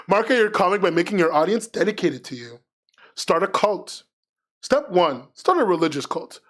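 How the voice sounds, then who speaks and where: A man's voice: high-pitched, lively intonation, normal speed, a bit bright. A man streaming live, chatting casually in a rambling, frank, self-mocking way. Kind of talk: casual livestream chat.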